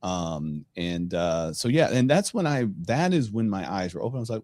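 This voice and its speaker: Low-voiced guy hosting a podcast, tells stories lively, does the voices, dry close sound. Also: moderate pace, hardly any pauses, dry recording. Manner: animated storyteller, acts out dialogue. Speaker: podcast host. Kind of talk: storytelling in a casual interview.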